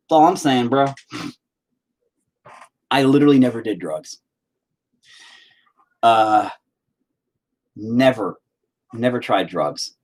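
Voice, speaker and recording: A man's voice: medium pitch, lively intonation, slow pace, long pauses, rough recording. A man talking casually and bluntly in a rambling monologue, swearing freely as a podcast host.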